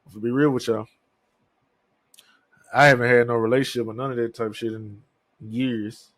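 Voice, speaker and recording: A man in his thirties hosts a podcast solo, speaking in a mid-range, slightly bright voice with fairly even intonation at normal speed. His casual monologue is candid, rambling, and full of swearing, with no room sound.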